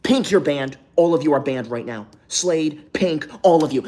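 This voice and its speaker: A man's voice: on the high side, moderate pace, darkish tone. A young man hosting a livestream from a hotel room, reading super chats aloud and breaking into melodramatic, indignant outbursts. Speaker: livestream host.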